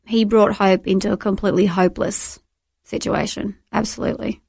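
An Australian woman in middle age recounts her testimony in a heartfelt, halting way, circling back and restarting as she speaks. Her voice carries a noticeable gravelly fry. The sound is dry and close to the mic. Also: medium pitch, flat delivery, darkish tone, no echo. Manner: earnest, emotional, halting with repeated restarts. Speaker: guest. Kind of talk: personal testimony in a faith interview.

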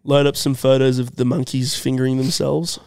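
A man's voice: medium pitch, little pitch movement, fairly quick, creaky, a little mellow, clean tone, dry recording, studio quality. A man co-hosting a comedy podcast, playful, tossing out silly questions and laughing often. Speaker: podcast co-host. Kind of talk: casual podcast chat.

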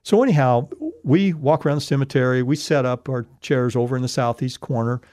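Warm-voiced man telling a rambling story. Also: medium pitch, brisk, no echo, studio quality. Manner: rambling, with many fillers and restarts. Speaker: paranormal investigator guest. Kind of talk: casual storytelling.

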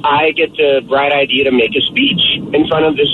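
A man's voice: a little high, fairly even intonation, fairly quick. A man calling in to a radio show and telling a story, rambling with lots of fillers. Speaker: caller. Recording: phone line with faint noise.

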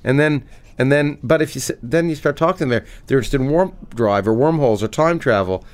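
A man's voice: mid-range voice, quick pace. Give me an enthusiastic middle-aged man, a scientist and author, chatting in an interview. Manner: animated and enthusiastic, with many restarts. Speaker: physicist and author, guest. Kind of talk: conversational interview, reading aloud from his book.

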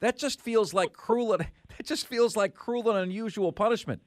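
A man hosting a sports talk radio show, energetic and animated. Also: sits high, moderate pace, no echo, clean studio sound. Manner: energetic, animated, laughs often. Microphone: studio microphone.

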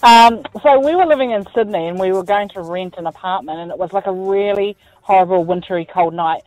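A woman's voice: mid-range voice, brisk, darkish tone, faint music behind, poor audio. A woman calling into a radio show and telling a short story. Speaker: caller.

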